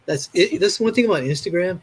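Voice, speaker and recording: Husky-voiced man chatting on a stream. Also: high-pitched, animated, fast. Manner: rambling, enthusiastic storytelling. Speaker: co-host. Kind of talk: casual live-stream chat.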